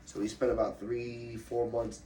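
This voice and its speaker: A young man from Ohio, an MMA fighter, telling his story in a loose, profane, animated way during a casual interview. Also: medium pitch, measured pace, reverberant. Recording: slightly distant mic with faint room noise.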